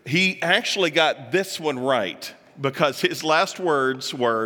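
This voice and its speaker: This man addresses a live audience in a chatty, joking way, slipping in asides and imitating voices when quoting. His medium-pitched voice is animated, pushed and bright, moving slowly with few pauses, and a long hall reverb surrounds it.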